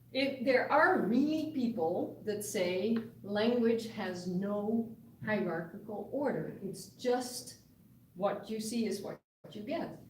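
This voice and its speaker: A woman's voice: mid-range voice, a little mellow, a little hiss or hum. A woman giving a university linguistics lecture, explaining patiently with examples and frequent restarts. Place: lecture room. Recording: echoey room, mic far off.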